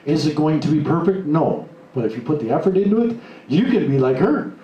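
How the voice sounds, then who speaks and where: A man giving a live motivational talk to an audience, blunt and animated, acting out the lines he quotes. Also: a little high, a little fast, dull audio. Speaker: motivational speaker. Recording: echoey room, mic at a distance, faint noise.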